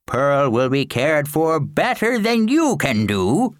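A man voicing an old pastor in an audiobook, speaking slowly and preacherly. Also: fairly high pitch, very animated, no echo, studio quality, pitched above the performer's own voice. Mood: probing. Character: old pastor, stern yet gentle with children. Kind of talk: audiobook narration with character voices.

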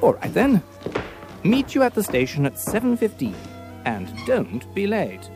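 A man playing an eager Victorian gentleman detective. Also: high voice, a little slow, soft background music, full character voice. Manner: animated, upper-class banter. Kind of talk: audiobook drama acting.

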